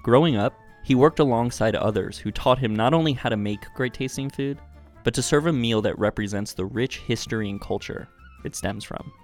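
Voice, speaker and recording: A man reading scripted documentary narration in a measured, even way. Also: mid-range voice. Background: soft guitar music.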